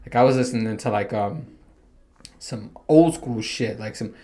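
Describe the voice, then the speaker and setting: A man's voice: on the low side, moderate pace, dark tone. A man hosting his own podcast in casual solo chat, rambling, self-deprecating and swearing freely. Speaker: podcast host.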